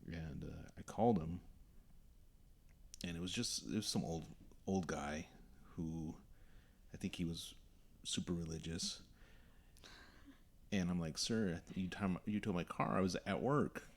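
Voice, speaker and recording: A man's voice: low voice, measured pace, vocal fry, long pauses. A young man hosting a podcast, telling a story casually and acting out the voices of the people in it. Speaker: podcast host.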